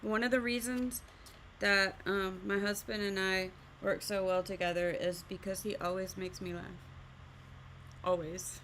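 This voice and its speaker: A woman's voice: mid-range voice, little pitch movement, a little slow, fairly bright tone, a little hiss or hum. A woman hosting a live art stream, chatting casually while teaching drawing and often laughing at herself.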